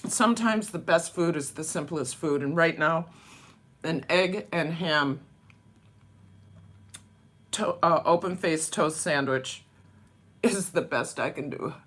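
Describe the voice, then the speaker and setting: Woman vlogger, unhurried and chatty over breakfast at home; bright, forceful tone, rambling casual delivery. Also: low-pitched. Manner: chatty, rambling, laughs often. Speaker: vlogger and dance teacher.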